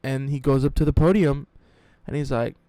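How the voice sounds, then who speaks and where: A man telling a sports story in a mocking, animated, profane way, as a sports YouTuber. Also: medium pitch, normal speed, no room sound.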